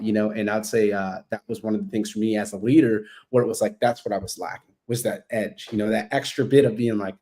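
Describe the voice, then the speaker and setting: Fast-talking, foul-mouthed man on a podcast. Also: medium pitch. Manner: heavy swearing, blunt and animated, acts out quoted exchanges. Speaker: podcast guest. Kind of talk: casual podcast conversation.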